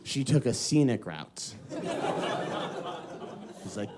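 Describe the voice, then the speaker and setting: A man doing a stand-up comedy set, animated and quick to stumble into filler restarts. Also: high-pitched. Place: comedy stage before a live audience. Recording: live set with audience crowd noise.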